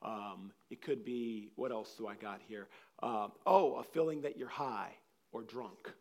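A man preaching a sermon, telling personal stories in a rambling, animated way, with frequent restarts. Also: lowish voice, measured pace. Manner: animated, acts out scenes with loud laughter and shouts; rambling, restarts sentences often.

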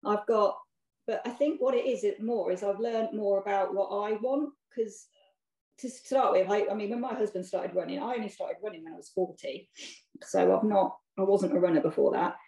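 A woman's voice: mid-range voice, moderate pace, creaky, dark tone, roomy sound, low-quality recording. An English woman in her forties, a podcast guest chatting casually over a video call, laughing often and checking "you know what I mean?". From England. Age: 40s. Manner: chatty, laughs often, many repeated tag questions. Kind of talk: casual chat.

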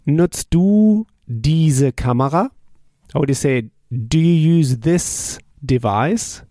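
A man teaching a language drill lesson. He asks a question, then answers it and repeats the phrases slowly and patiently. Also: on the high side, lively intonation, warm tone, dry recording, clean studio sound. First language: German.

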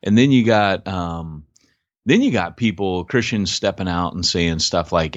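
A man co-hosting a podcast in casual chat, animated and joking, often correcting himself. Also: deep voice, measured pace, dry recording, muffled recording. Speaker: podcast co-host.

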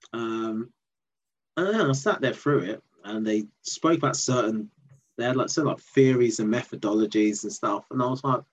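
A man's voice: medium pitch, breathy edge. A man with an Essex accent, a comedian telling a story in an interview and acting out the voices of people he quotes. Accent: Essex English. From England. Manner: animated, acts out quoted voices. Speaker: guest comedian. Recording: dull lo-fi sound.

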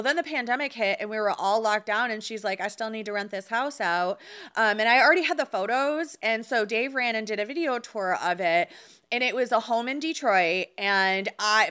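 A woman's voice: mid-range voice, normal speed, clear, resonant tone. A woman who co-hosts a podcast and tells stories casually, acting out the people she quotes. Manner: animated storyteller, acts out the people she quotes. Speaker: podcast co-host, real estate agent.

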